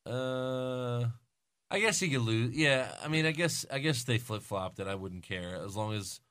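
A man with a bright, forceful tone chats casually as a podcast co-host. He rambles and hedges, leaning on "like" and "you know". His voice sounds dry and close. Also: medium pitch, lively intonation, a little slow, clean tone, no echo. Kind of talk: casual wrestling chat.

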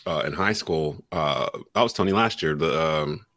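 A man from North Carolina who calls games on radio, talking casually on a podcast with a relaxed delivery and frequent "uh" and "um". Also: extremely low pitch, normal speed, no room sound. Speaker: sports radio host and play-by-play caller.

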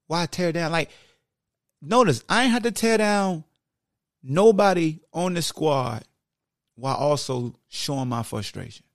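A man hosting a sports podcast, talking straight to his listeners in an animated, preachy monologue. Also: fairly high pitch, a little slow, pauses often, no echo, clean studio sound. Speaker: podcast host.

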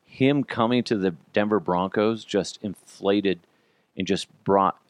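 A man hosting a podcast in a casual sports-talk style, animated, swearing freely and laughing often. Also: lowish voice, measured pace, no room sound. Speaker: podcast host.

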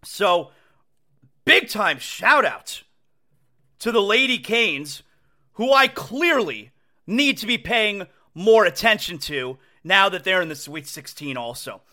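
A man hosting a casual sports talk show from home, excitable, repeating phrases and restarting sentences as he talks. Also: sits high, takes it slowly.

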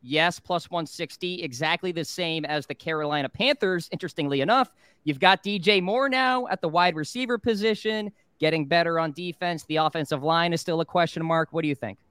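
Male host, smooth tone, dry close sound, brisk panel-runner reading odds. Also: on the high side, a bit bright, dry recording. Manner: brisk, steers the panel with questions. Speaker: sports betting show host. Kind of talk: casual sports talk.

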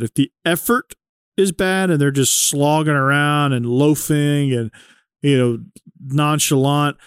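A man's voice: on the high side, smooth, dry recording. Guy hosting a podcast, explains stuff with lots of likes and ums, dry sound. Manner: explanatory, filler-heavy. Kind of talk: casual chat.

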